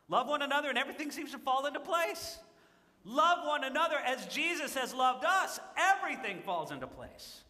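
Male pastor, bright high voice, earnest sermon delivery, hall reverb. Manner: earnest, pleading, rising to emphatic.

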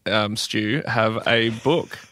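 A man's voice: lowish voice, slow pace, bright, forceful tone, dry recording. An Australian man co-hosting a podcast, chiming in with teasing jokes in casual banter. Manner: teasing, jokey interjections. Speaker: podcast co-host.

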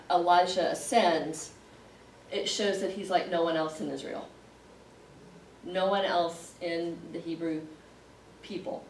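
Woman teaching a Bible class from across a roomy space. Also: fairly low pitch. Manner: conversational, explaining with pauses and fillers. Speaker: Sunday school teacher. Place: classroom with a group. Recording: roomy, distant mic, faint noise.

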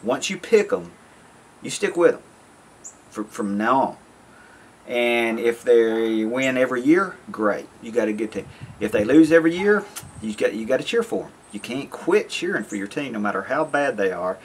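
A man chats to camera in an easygoing, rambling monologue. He circles back and repeats words while he gathers his thoughts. A faint hum sits under his mid-pitched voice. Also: big pitch swings, normal speed. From American South. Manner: rambling, folksy, self-interrupting. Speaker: YouTube vlogger.

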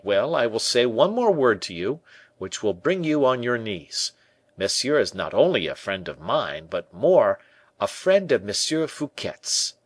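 A shrewd musketeer captain cajoles and presses his point briskly with a firm, lively voice, as a male narrator puts him on. His pitch rises and falls with animation. The recording is dry and close. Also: dry recording. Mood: cajoling.

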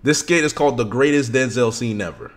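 A man streaming live, chatting casually with his viewers in an excitable, slangy way. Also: mid-range voice, fairly quick.

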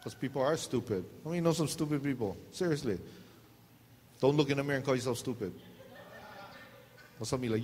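A man's voice: medium pitch, quick pace, pauses often, darkish tone. A man pastor, preaching a joking sermon, laughing often and acting out quotes. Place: church hall. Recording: long hall reverb, faint noise.

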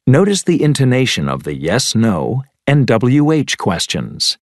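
A man reads language course instructions at an unhurried, deliberate pace. His delivery is clear and measured, and his pitch moves a lot from phrase to phrase. The recording is close and dry. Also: sing-song, no echo. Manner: slow, clear, measured reading. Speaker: course audio narrator. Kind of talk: scripted textbook audio instructions.

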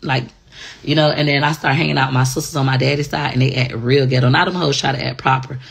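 A woman's voice: rumbling low, fairly even intonation, fast talker, gravelly, breathy edge. A woman in casual confessional chat, talking bluntly and frankly with plenty of profanity. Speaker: online personality.

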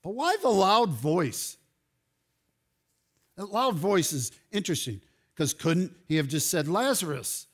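Male pastor, high voice, unhurried sermon delivery with loud animated peaks. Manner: animated preaching, rising to loud exclamations. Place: church sanctuary.

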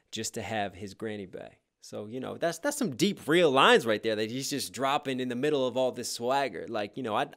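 A man reacting to a rap song and breaking down its lines one by one, with sudden bursts of hype between calm explanations. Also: medium pitch. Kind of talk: casual reaction and lyric breakdown. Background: hip hop track playing faintly.

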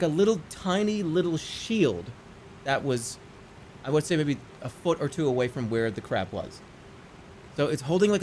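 A man streaming a video game, casually chatting and telling a long, excitable story, swinging from low mumbles to yelps. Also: slight background noise. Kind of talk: casual gameplay commentary.

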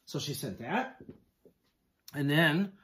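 A man talks to his camera at home as he unpacks gifts, gushing over each one in an exclamatory way. His excitement carries through every line, with frequent gasps of amazement. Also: a little high, takes it slowly, slight background noise. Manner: gushing, exclamatory, keeps repeating "oh my goodness". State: excited, hands shaking. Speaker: haul vlogger. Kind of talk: casual unboxing chat to camera.

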